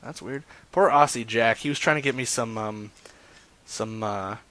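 A man talking casually to a live-stream chat while he sets up prank calls. His voice sits at an ordinary pitch, and his talk is loose and joking, full of fillers and asides. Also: moderate pace, fairly bright tone. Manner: chatty, loose, jokes with chat, lots of fillers.

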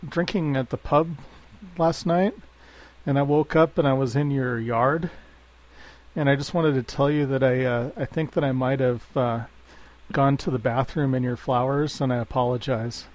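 A man's voice: medium pitch, natural voice. A man voicing a rambling, overly polite American traveler with a put-on American accent, speaking on a prank phone call. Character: bumbling apologetic male American traveler.

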